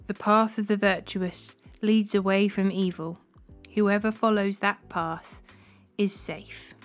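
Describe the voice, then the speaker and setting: A woman hosting a daily Bible reading, reading scripture in a measured, unhurried way. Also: medium pitch, steady tone, faint music behind.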